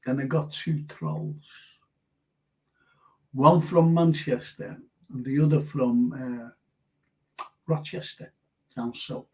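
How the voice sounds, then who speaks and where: An older Scouse man from Liverpool hosts a live radio show, reading listener comments in a mid-range voice with a slow pace and long pauses. His chat is casual and rambling, full of fillers and restarts, and the stream audio sounds dull and lo-fi.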